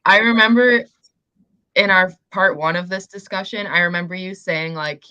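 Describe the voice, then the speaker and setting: A young woman with a low voice, a little croaky from losing it, chatting casually as host of a livestream book discussion. She rambles along with plenty of "um" and "like". The sound is dry and a bit muffled, as from a home computer mic. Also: moderate pace, pushed and bright, dry recording. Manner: chatty, lots of fillers like "um" and "like". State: slightly croaky, losing her voice. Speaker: booktube host.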